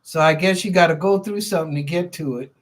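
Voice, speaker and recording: This psychic reader and show host has a deep voice and talks fast. On her live stream she fields chat questions informally, chatting, thinking aloud, and repeating phrases.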